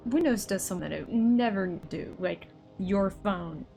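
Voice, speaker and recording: A woman's voice: mid-range voice, normal speed, creaky, mellow, soft background music. A young woman hosting a let's play from home at a desk mic, chatty and exasperated with her computer. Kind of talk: casual gameplay commentary. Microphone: desk microphone.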